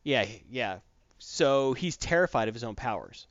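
A man talks casually, walking through a comic book plot in a loose, rambling way full of fillers and restarts. His voice sits at an ordinary pitch. The recording is dull and lo-fi, with a dry, close sound. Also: expressive, a little slow, no room sound. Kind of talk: casual chat recapping a comic book story.

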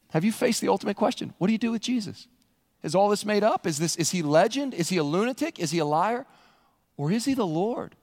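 A man preaching a sermon, talking conversationally and repeating words as he presses a point. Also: high-pitched. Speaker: pastor. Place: church sanctuary. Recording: long hall reverb in church.

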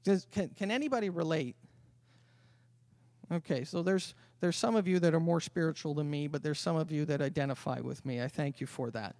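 A man preaching a sermon as pastor, swinging from loud emphatic calls to quiet conversational asides. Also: fairly high pitch, a little fast, no room sound. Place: church sanctuary.

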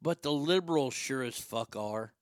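A man's voice: mid-range voice, lively intonation, normal speed, dry recording, clean studio sound. A man hosting a vlog, ranting in a crude, opinionated monologue and stammering over his words. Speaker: vlog host.

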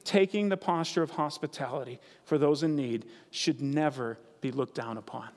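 A man's voice: mid-range voice, normal speed. A man preaching a sermon as pastor, earnest and conversational, repeating key phrases for emphasis. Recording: reverberant hall sound.

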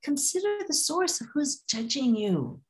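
Lively woman guest telling stories. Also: sits high, a little slow. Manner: lively, acts out voices, frequent restarts. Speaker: storyteller guest. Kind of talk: podcast interview, telling a fable.

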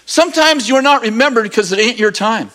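Animated male preacher with a high voice, telling a story with humor and acted-out voices. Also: fairly quick. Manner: animated, acts out voices, jokey asides. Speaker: pastor. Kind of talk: lively storytelling sermon.

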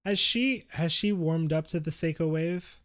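A man's voice: a little high, a little slow, fairly bright tone. A man co-hosting a casual podcast chat, laughing often and asking eager questions. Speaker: podcast co-host.

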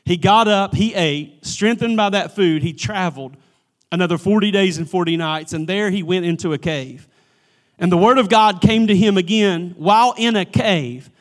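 A man preaching a church sermon with a notably high voice. He is emphatic and energetic and calls out to his congregation. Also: moderate pace. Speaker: pastor.

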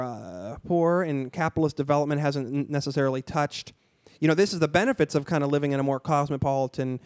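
Rambling higher-voiced man chatting. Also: darkish tone, no echo, studio quality. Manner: rambling, searching for words, many restarts. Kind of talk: casual podcast conversation.

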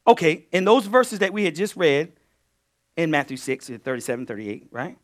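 Pastor, male, high-voiced and highly animated, preaching a sermon with loud peaks and low asides. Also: moderate pace. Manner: call-and-response preaching, swings between loud bursts and low asides.

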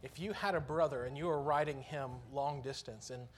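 A man's voice: medium pitch, a little fast, a little hiss or hum. A man preaching a sermon in church, earnest and conversational, lifting his voice on key phrases.

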